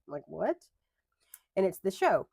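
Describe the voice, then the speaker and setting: A woman's voice: on the low side, animated, moderate pace, no room sound, studio quality. A young adult woman chatting casually at a home craft desk, rambling into tangents and correcting herself as she goes. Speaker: planner vlogger. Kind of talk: casual chat while crafting.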